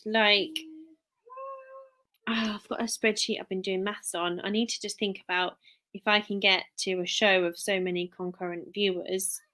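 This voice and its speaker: A woman's voice: mid-range voice, a bit bright. A woman chatting casually on a live stream, rambling and restarting sentences as she reads out viewer names. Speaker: live streamer, work-from-home mum.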